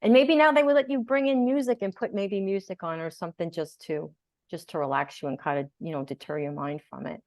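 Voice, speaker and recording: A woman guest in an interview, telling her story in a lively way and acting out what people said. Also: medium pitch, a little fast, no room sound, studio quality. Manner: animated storyteller, acts out quotes. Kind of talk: conversational interview.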